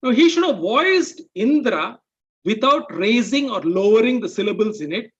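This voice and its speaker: A man presenting an explanatory talk, speaking in a measured way and checking in with "okay?" and "right?". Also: high voice, lively intonation, slightly rough, dull audio.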